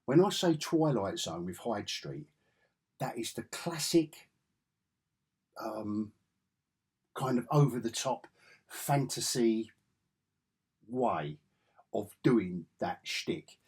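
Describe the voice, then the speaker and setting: A man's voice: medium pitch, expressive, slow, pauses often, darkish tone, breathy edge. An English man with an enthusiastic, rambling way of talking, reviewing comic books in a casual vlog. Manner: rambling, enthusiastic, self-correcting.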